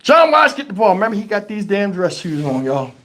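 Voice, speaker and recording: A live-stream host whose voice sits high and runs fairly quick shares a funny anecdote in a casual, foul-mouthed way, animatedly voicing the people in it.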